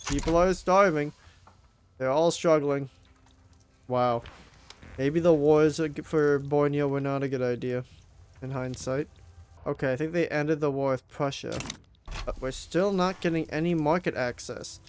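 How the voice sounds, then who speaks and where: A man's voice: a little high, moderate pace, slight background noise. A young man commenting on his strategy game, groaning, swearing and pleading at it as things go wrong. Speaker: gameplay commentator.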